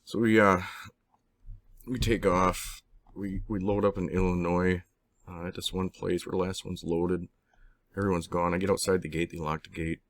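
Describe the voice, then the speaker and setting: A man being interviewed, telling a personal story in a halting, rambling way with many restarts and some swearing. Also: low voice, level tone, no echo. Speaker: interviewee recounting personal experiences. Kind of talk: casual spoken storytelling.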